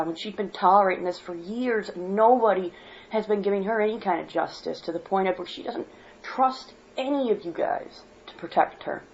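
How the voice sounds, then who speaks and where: A woman from Michigan speaks straight to camera in an impassioned monologue, blunt and quick to swear. Her voice sits at an ordinary middle pitch for a woman. The recording is dull and lo-fi, like a cheap home setup. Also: darkish tone. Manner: worked up, blunt, swears freely. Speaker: vlogger.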